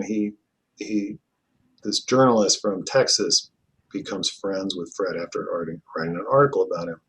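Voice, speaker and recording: A middle-aged man, a family therapist and trainer, telling stories in an earnest, reflective way and often softening his voice. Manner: earnest, reflective, often drops to a soft low voice. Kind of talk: conversational storytelling.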